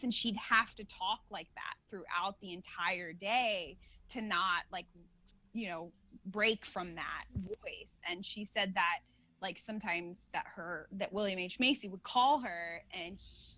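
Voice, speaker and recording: A woman's voice: medium pitch, unhurried, pushed and bright, rough recording. A woman chatting as a guest on an interview show, rambling and packing her talk with filler words. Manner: laughs often while talking. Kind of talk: casual chat.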